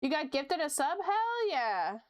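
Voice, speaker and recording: Young woman streamer yapping while drawing, kinda high voice, laughs a lot, swears casually. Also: sing-song, measured pace. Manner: chatty, laughs often, swears casually, reads chat aloud.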